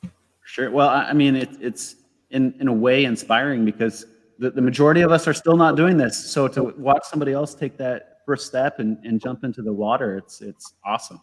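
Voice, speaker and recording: A man hosting a live video interview, asking questions in a thoughtful, halting way and often repeating words as he starts. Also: medium pitch, fairly even intonation. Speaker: host. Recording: reverberant room.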